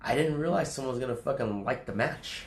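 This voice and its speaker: A man's voice: mid-range voice, fairly quick, echoey room, slight background noise. A man livestreaming casual chat to his viewers, rambling and swearing, often laughing. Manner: rambling, profane, laughs a lot.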